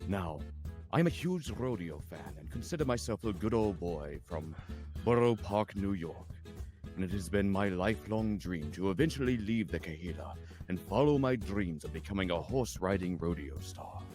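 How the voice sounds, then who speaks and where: A man's voice: low voice, lively intonation, moderate pace, darkish tone, faint music behind. A man voicing a folksy would-be rodeo cowboy, rambling with a drawl.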